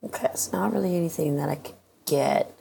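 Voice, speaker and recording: A woman's voice: low-pitched, brisk, gravelly, dark tone, a little hiss or hum. A woman player in a casual tabletop role-play, joking and giggling as she plays a cheeky ancient old lady. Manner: playful, giggly, jokey.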